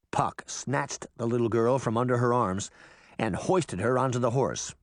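A man reading a children's adventure story aloud as an audiobook narrator, with expressive, animated storytelling. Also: mid-range voice, normal speed, no echo, studio quality.

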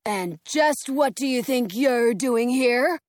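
A woman voicing a literal-minded male castle guard in a storybook, speaking deadpan and matter-of-fact. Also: on the high side, takes it slowly, dry recording, studio quality.

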